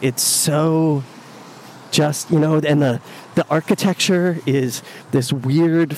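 Walking to work on a city street, a man records himself on a phone app, rambling casually with lots of fillers and restarts. His voice is fairly high and a little mellow, with a bit of hiss or hum and faint street ambience behind him.

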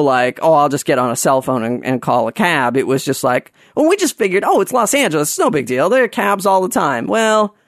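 Rambling man telling a story, slightly high voice. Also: no echo, studio quality. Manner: rambling, many fillers and restarts. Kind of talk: casual anecdote telling.

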